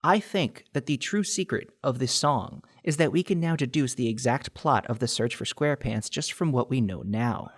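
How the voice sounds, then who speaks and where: A man's voice: mid-range voice, moderate pace, few pauses. A man hosting a mock-serious theory video, analyzing with earnest, over-the-top seriousness while barely holding back laughter. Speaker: YouTube theory video host.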